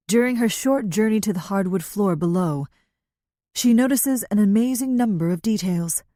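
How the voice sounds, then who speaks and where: An audiobook narrator reads a novel in a steady, measured storytelling voice. She has a mid-range voice, and the scripted narration is studio quality with no echo.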